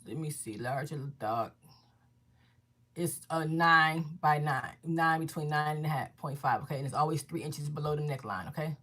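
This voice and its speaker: A woman with a low, deep speaking voice runs a casual crafting tutorial from her home workspace. She talks fast and keeps checking in with the viewer as she goes. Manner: fast-talking, checks in with "okay?" often. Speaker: crafting instructor. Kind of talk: casual screen-share tutorial.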